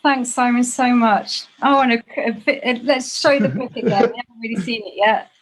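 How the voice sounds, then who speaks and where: A woman hosting a live-stream book event, speaking in halting sentences with frequent restarts as she praises a reading. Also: a little high, noisy background. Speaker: event host.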